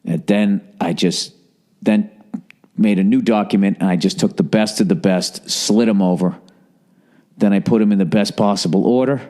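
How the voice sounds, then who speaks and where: A podcast host holds the mic alone, spinning a long, casual story with a wry, profane edge. His mellow voice sits a little low and unhurried, drifting from one aside to the next.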